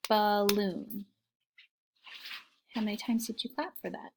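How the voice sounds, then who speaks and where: A woman teaching young children a phonics lesson, slow and encouraging in a sing-song way, with soft whispered asides. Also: mid-range voice, fairly even intonation, breathy edge.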